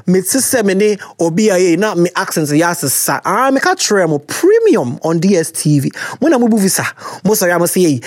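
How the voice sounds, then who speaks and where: A woman with a Ghanaian accent hosting an advice podcast, reading listener letters in a teasing, animated way and mixing in slang and local words. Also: mid-range voice, normal speed, no room sound, clean studio sound. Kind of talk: casual chat.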